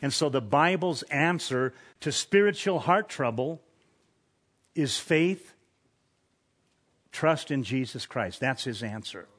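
A man preaching an expository sermon at an average pitch. He speaks earnestly and with emphasis, raising his voice on the points he wants to land. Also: animated, slow pace, pauses often, fairly bright tone.

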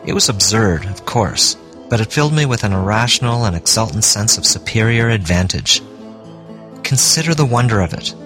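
A man reading a classic story aloud as an audiobook narrator, in a measured storytelling manner. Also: on the low side, a bit bright. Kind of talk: scripted narration.

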